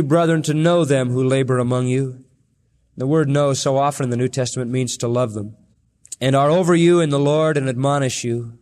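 A male pastor preaching a sermon with fervor, his voice climbing high as he reads scripture aloud. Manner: impassioned preaching, pitch swinging high on scripture readings.

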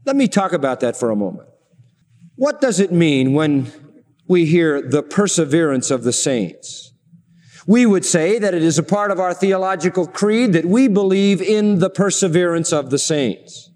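A middle-aged man preaching a sermon, slowing down for emphasis and asking the congregation rhetorical questions. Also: on the high side, a little mellow, in a large hall.

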